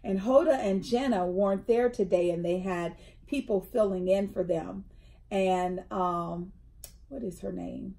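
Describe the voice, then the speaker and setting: A middle-aged woman with a gravelly, medium-pitched voice speaks at an unhurried pace. She co-hosts a casual chat indoors at a tea table, animatedly telling stories and acting out the quotes of the people in them.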